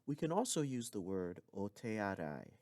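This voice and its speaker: Guy teaching a lesson, fairly low voice, bouncy intonation, dry sound. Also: big pitch swings, normal speed, a little mellow, no room sound. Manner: clear explanatory teaching with occasional asides. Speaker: language teacher. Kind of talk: recorded language lesson.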